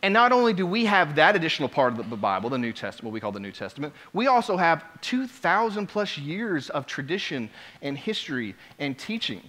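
Bright-voiced animated male preacher. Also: on the high side, a little fast. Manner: animated, swings from quiet to loud exclamations. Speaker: pastor. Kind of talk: sermon storytelling.

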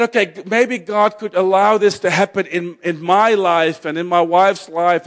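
A middle-aged man speaking to an audience about faith, in a loose, conversational way. His voice sits a little high for a man. He often restarts his sentences and drops in small jokes. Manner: conversational, self-interrupting, joking asides. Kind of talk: talk on faith and suffering.

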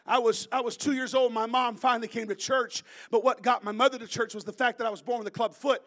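A man in his thirties from Florida preaches a sermon, telling his story in a lively, animated way. His voice sits high for a man. He breaks into shouting at the peaks. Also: fast talker. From Florida, USA. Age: 30s.

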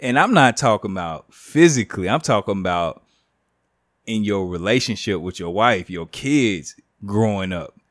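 A man's voice: lowish voice, animated, normal speed, a bit bright, no room sound, clean studio sound. A man in his late thirties hosting a podcast in a laid-back, joking way, talking plainly about faith and family. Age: 30s. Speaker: podcast host. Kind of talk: casual chat.

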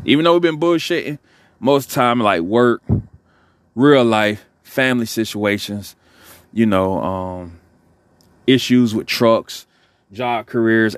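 A man hosting a podcast, rambling in relaxed slangy talk as he signs off. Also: on the low side, dry recording. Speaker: podcast host. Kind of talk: casual podcast sign-off.

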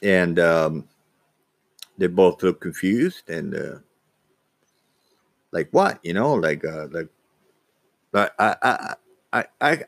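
A man telling a personal story casually, halting, with frequent restarts and repeated words. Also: low-pitched, dry recording. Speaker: vlogger.

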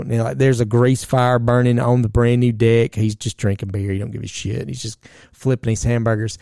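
A man with a gravelly, low-rasped voice spins a long, profane story in casual conversation. His tone is dark and mellow, and the recording is dry and close with no room sound. He talks loosely, with plenty of fillers and side remarks. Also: no echo.

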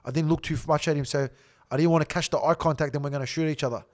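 A middle-aged Australian man tells a story as a podcast guest, blunt and swearing constantly. He talks fast, in a slightly higher voice than most men, with lively, animated delivery.

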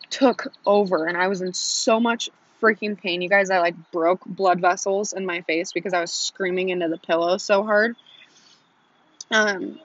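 A woman's voice: medium pitch, a bit bright, no echo, muffled recording. Chatty young woman telling a story. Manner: chatty, frequent "like", acts out quotes. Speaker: vlogger. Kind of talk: casual storytelling to viewers.

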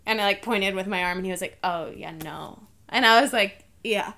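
A young woman co-hosting a podcast, telling a travel story in a casual, animated way and acting out the dialogue. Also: mid-range voice, quick pace. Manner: animated storyteller, acts out dialogue, laughs often. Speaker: podcast co-host.

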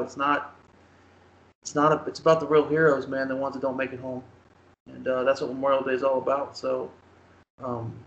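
A man co-hosting a casual sports podcast, talking in an earnest, halting way with many restarts. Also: mid-range voice, gravelly, fairly bright tone, lo-fi sound. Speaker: podcast co-host. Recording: roomy echoey sound.

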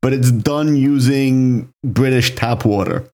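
A young man co-hosting a casual podcast, telling a story in a relaxed way with lots of filler words. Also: mid-range voice, takes it slowly. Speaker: podcast co-host. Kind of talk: casual chat.

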